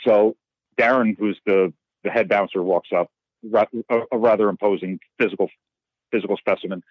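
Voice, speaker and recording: A man from New York who works as a bartender, telling bar stories casually with lively, profane asides and many restarts. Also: lowish voice, moderate pace, no echo, muffled recording. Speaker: bartender and guest. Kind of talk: casual storytelling.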